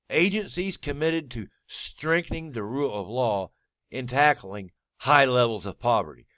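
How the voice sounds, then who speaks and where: A man delivers sarcastic, profane commentary with a lively, swinging pitch. His voice is dry and close, with no room around it. He mocks and repeats phrases with heavy scorn. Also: no echo. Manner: sarcastic, mocking; blunt and profane. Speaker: political commentator. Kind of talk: ranting commentary over a clip.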